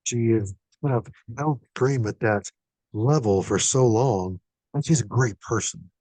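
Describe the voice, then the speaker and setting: A man in a casual horror podcast chat, telling lively stories and swearing freely. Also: on the low side, a little slow, no echo. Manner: animated storyteller, swears casually.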